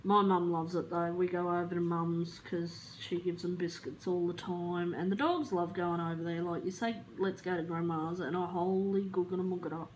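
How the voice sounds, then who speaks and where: A woman with an Australian accent, telling stories in a casual, rambling chat. She is chatty, laughs easily and swears in passing, and she sounds a little flat today. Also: lowish voice, moderate pace, few pauses, slight background noise, low-quality recording. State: feeling flat. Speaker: vlogger.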